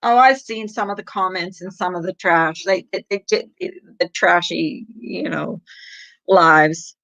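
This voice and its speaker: A woman's voice: lowish voice, measured pace, creaky, a bit bright, no room sound. A middle-aged woman hosting a casual livestream, chatting with viewers in a rambling way and laughing often. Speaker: livestream host. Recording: dull lo-fi sound.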